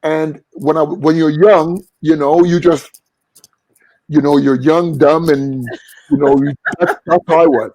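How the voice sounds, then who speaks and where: A man's voice: on the high side, lively intonation, unhurried, vocal fry, darkish tone, dry recording, low-quality recording. A man, a singer and vocal coach, talking earnestly as a guest in an interview. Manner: earnest, reflective, sings short vocal examples. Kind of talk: casual interview talk.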